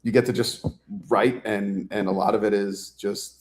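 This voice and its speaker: Low-voiced man, rambling animated storyteller. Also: normal speed, a little hiss or hum. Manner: animated storyteller, acts out quotes, swears freely; loose and rambling with many fillers. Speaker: author guest. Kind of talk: casual interview chat.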